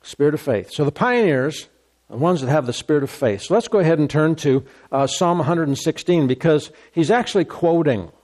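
Male pastor, fairly high voice, emphatic sermon delivery with repeated phrases. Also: lively intonation, a little fast, a little mellow. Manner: emphatic, repeats phrases, reads scripture aloud.

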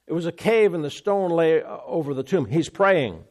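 A man's voice: a little high, animated, normal speed, darkish tone. A man preaching a sermon, emphatic, repeating phrases and restarting mid-sentence.

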